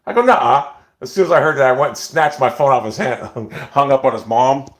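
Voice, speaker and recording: A man's voice: medium pitch, fast talker. A man telling stories in a casual, rambling monologue, blunt and profane, with many restarts. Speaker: storyteller.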